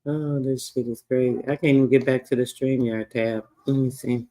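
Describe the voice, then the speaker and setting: A man's voice: mid-range voice, fairly even intonation, moderate pace, warm tone, slight background noise. Casual man hosting a frustrated livestream. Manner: frustrated, swearing, reading records aloud. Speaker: livestream host.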